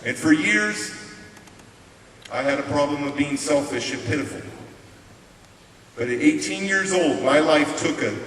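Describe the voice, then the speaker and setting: A man giving a motivational stage speech, telling his story emphatically with dramatic pauses. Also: on the high side, expressive, fairly bright tone. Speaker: motivational speaker. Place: large hall on stage. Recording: echoey hall from far off, hiss.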